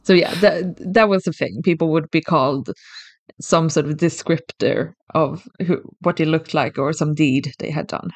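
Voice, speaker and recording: Explaining things step by step, a thoughtful co-host with a middle-register voice keeps a moderate pace and often restarts a phrase. It's casual explanatory podcast chat in a dry recording with no room sound.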